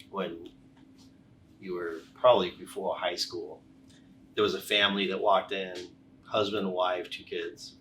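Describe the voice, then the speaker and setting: A middle-aged man with a lowish voice tells stories in a relaxed, conversational way, often restarting his words as he gets going. He sits a little back from the microphone. A faint hum of background noise runs under his voice. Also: far from the mic. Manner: animated anecdotes, repeated word restarts. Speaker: chiropractor, podcast guest. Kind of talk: casual conversational storytelling.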